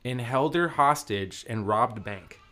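A man's voice: medium pitch, measured pace, pushed and bright. A man from Arizona telling a work story in casual chat, rambling with lots of fillers and swearing. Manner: rambling, filler-heavy, profane, laughs often. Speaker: podcast co-host telling a story.

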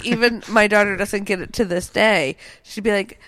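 A middle-aged woman co-hosting a podcast, chatting in an animated, emphatic way. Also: mid-range voice, moderate pace, dry recording. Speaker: podcast co-host. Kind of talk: casual chat.

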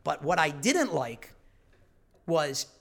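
A man's voice: on the high side, sing-song, takes it slowly. A man telling a long story in casual chat, profane and rambling.

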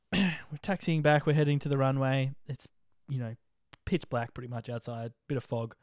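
A young Australian man casually telling an animated, slang-filled story about a flight, with jokey rhymes. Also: mid-range voice, moderate pace, clean tone, dry recording, studio quality. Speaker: social media vlogger.

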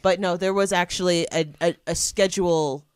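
A young woman chatting as a podcast guest, halting and hesitant with many fillers. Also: on the low side, steady tone, clean tone, no echo, studio quality. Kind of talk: casual chat.

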